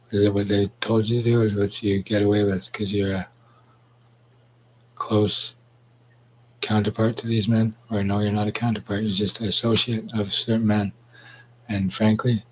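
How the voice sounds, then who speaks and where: A man's voice: on the low side, little pitch movement, moderate pace, pauses often, slight background noise, rough recording. A man from Canada delivering a rambling, confrontational monologue, swearing and calling out absent people by name. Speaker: vlogger. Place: outdoors.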